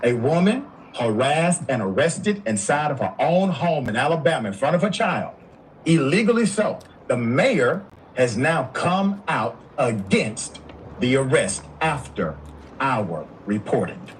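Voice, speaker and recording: A man hosting a news commentary show, speaking emphatically with dramatic pauses. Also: mid-range voice, sing-song, a little hiss or hum, rough recording.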